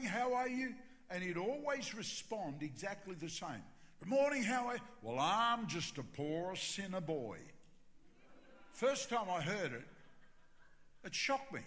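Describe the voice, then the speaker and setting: A man, a pastor telling a self-mocking funny story in a sermon, with animated delivery. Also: on the high side. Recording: reverberant hall with faint ambience.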